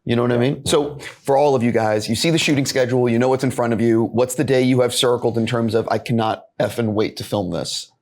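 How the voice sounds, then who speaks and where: A man's voice: medium pitch, fairly even intonation, fast talker, hardly any pauses, a little mellow. A man interviewing actors in a loose, chatty way with casual swearing.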